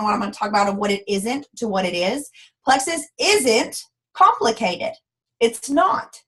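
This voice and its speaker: A woman giving an energetic, preachy motivational training talk to her sales team. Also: high voice. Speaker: network marketing team leader.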